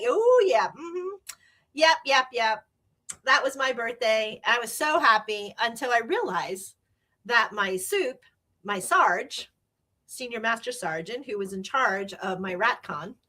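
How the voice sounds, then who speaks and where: A bubbly woman telling stories as host, laughing often and breaking into sing-song cheers. Her voice sits a bit high and rings bright and forceful, with soft music faintly underneath. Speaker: podcast host. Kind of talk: storytelling chat.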